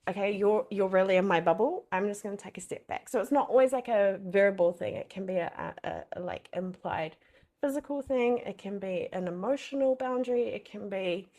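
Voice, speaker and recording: A woman's voice: medium pitch, a little fast, warm tone. A young adult woman coach giving a casual masterclass, chatty with many fillers and frequent swearing. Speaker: boundaries coach.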